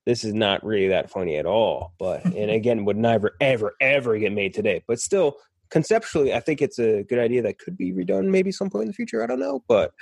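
A man's voice: medium pitch, creaky, darkish tone, no echo. A man co-hosting a casual podcast, emphatic and swearing freely. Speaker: podcast co-host. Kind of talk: casual chat.

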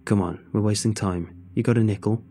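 A man's voice: on the low side, steady tone, a little fast, warm tone, soft background music, lightly acted. A man voicing Gary, a blunt, wry, seasoned man in a horror story.

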